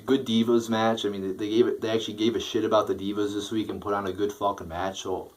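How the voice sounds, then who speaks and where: A man's voice: fairly low pitch, level tone, fast talker, rough recording. A young man giving a casual, profane wrestling show review, rambling with fillers and restarts.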